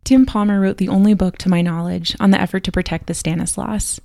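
A woman podcast host reading measured, scripted documentary narration. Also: medium pitch, fairly even intonation, gravelly, mellow, no echo, clean studio sound.

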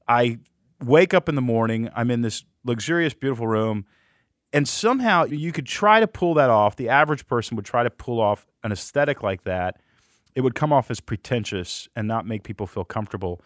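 A man hosting an interview podcast, telling stories with enthusiasm in quick bursts. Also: mid-range voice, no room sound, studio quality. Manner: energetic, storytelling, quick bursts. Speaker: podcast host.

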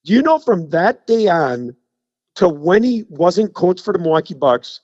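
Middle-aged man telling lively anecdotes. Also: sits high, unhurried, no room sound. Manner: animated anecdote teller. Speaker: guest. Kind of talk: casual radio chat. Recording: slightly dull, dry sound.

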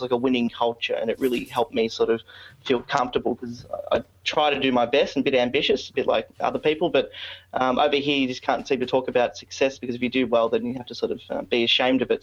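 A young Australian man talking as a podcast guest, chatty and rambling, with many ums. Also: medium pitch. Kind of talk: casual podcast interview. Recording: slightly dull lo-fi audio.

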